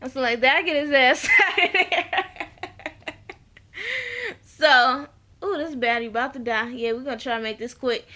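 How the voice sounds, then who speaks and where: Woman reviewer, high and bright, animated casual recap addressed to viewers. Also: moderate pace, pauses often. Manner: animated storytelling, talks straight to viewers. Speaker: TV episode reviewer.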